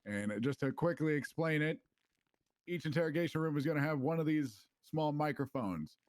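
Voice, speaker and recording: A man's voice: on the high side, lively intonation, normal speed, darkish tone, no echo. Dry-voiced man giving a guided tour. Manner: explanatory, instructive. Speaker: police trainer giving a station tour. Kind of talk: casual role-play walkthrough.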